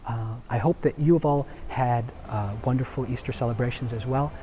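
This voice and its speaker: A man's voice: medium pitch, brisk, mellow. A young man, a Jesuit deacon, shares earnest reflections in a video blog, telling a story with many fillers and restarts.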